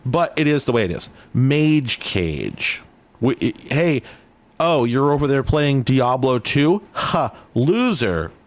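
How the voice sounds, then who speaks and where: A man's voice: mid-range voice, expressive, takes it slowly. A man hosting a casual video, talking to himself as he plays old computer games, rambling and sardonic, often cutting himself off mid-sentence. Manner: rambling, sardonic, self-interrupting. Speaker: host. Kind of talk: casual commentary while playing retro games.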